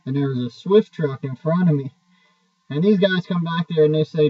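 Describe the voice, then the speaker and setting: A man's voice: on the high side, moderate pace, slightly rough. A truck driver rambling through a story in a loose, profane way, often restarting his sentences. His voice comes across as dull and distant, caught by a mic set away from him in a dry room with no echo. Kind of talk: casual spoken storytelling.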